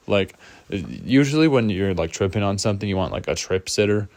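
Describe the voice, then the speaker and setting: A man with a deep voice tells a personal story in a loose, rambling way, leaning on fillers as he goes. The recording is dry and close, with no room sound. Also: animated, fairly quick, creaky, darkish tone, no echo. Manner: rambling, full of "like" fillers, laughs often. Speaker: storyteller vlogger. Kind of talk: casual storytime.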